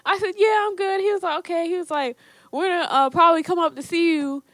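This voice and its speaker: A woman's voice: very high voice, fairly even intonation, fast, a bit bright, dry recording. A young woman casually telling a personal story to camera, quoting her parents and often laughing as she talks. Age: young adult. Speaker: storyteller, co-host.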